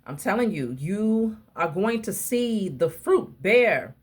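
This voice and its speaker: A woman giving a casual tarot reading to her viewers, talking emphatically and in a preachy way straight to them, with a husky voice. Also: medium pitch, very animated, slow, a little mellow. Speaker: tarot reader.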